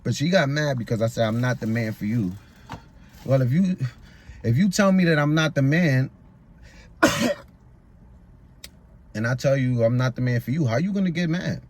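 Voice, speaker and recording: A frustrated young man venting to his phone outdoors, rambling and circling back on his own words. His voice sits at an ordinary middle pitch, and his talk is loose, repetitive and heated. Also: lively intonation, moderate pace, pauses often, darkish tone. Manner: frustrated, rambling, repeats himself. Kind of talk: venting vlog monologue. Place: outdoors in a busy public area.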